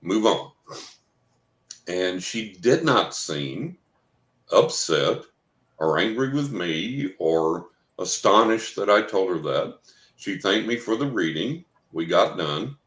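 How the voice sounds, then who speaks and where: A low, sing-song male voice, slow and slightly bright, belongs to a psychic guest on a podcast. He tells a long anecdotal story, quoting the people in it as dialogue, and the recording has a roomy echo.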